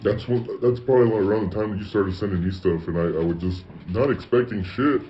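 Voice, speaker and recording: A man's voice: lowish voice, fast. A man hosting a casual chat. He talks in a laid-back way with lots of fillers and some swearing. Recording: dull lo-fi audio.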